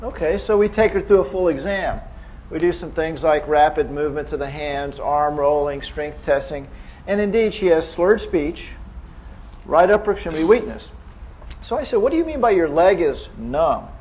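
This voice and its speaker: A man's voice: fairly high pitch, moderate pace, a little mellow, lo-fi sound, a little hiss or hum. A man giving a conversational medical lecture as a neurohospitalist, quizzing the audience with frequent restarts.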